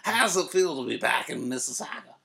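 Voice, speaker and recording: Gravelly guy cohosting a podcast, bright edgy voice, deadpan silly bits. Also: mid-range voice, brisk. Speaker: podcast co-host. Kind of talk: casual comedic chat with improvised interview.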